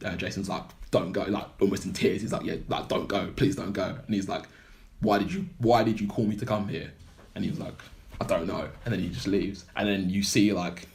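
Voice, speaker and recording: A man's voice: low-pitched, vocal fry. A young man casually retelling a film plot on a podcast, rambling with lots of fillers. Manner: rambling storyteller, heavy filler words. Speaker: podcast co-host. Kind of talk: casual film recap chat.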